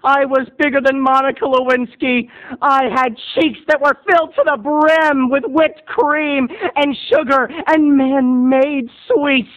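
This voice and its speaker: A man spins a comic childhood tale as a video blogger, hamming it up with theatrical flourishes. His voice sits unusually high and bright, with a forceful, ringing tone. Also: little pitch movement, measured pace, lo-fi sound. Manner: theatrical, exaggerated delivery. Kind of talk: comic storytelling monologue.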